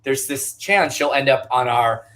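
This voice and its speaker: A man's voice: medium pitch, measured pace, a bit bright. A man co-hosting a livestream bingo show, upbeat as he asks for tips and thanks supporters. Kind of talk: casual livestream chat.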